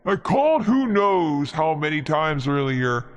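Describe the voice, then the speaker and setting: A woman voicing a pompous, fatherly older man in a lowered, slowed voice while reading a game's dialogue. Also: sing-song, big-room sound. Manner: deep put-on voice, slow.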